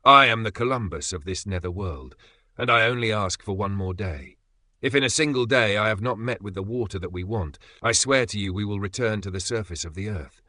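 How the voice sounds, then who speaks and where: A man's voice: lowish voice, brisk, sharp tone, no room sound. A man reading an audiobook, voicing a stubborn, domineering old male professor who speaks in a commanding, scornful way. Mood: persuasive. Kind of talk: audiobook character voice.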